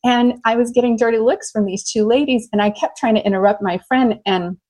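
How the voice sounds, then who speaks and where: A middle-aged American woman, a love coach, telling stories in an animated, enthusiastic way during an interview. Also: on the high side, fairly quick, poor audio. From United States. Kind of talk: conversational interview.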